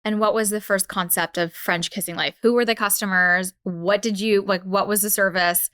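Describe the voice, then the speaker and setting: A woman's voice: mid-range voice, steady tone, moderate pace, a bit bright, smooth, no echo, clean studio sound. A woman hosting a podcast interview, upbeat and steering the talk with questions. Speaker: podcast host. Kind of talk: casual interview.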